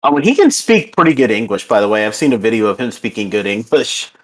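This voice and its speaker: A man's voice: lowish voice, big pitch swings, fast talker. Man hosting, many ums and uhs. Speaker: podcast host. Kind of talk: casual podcast chat and wrap-up.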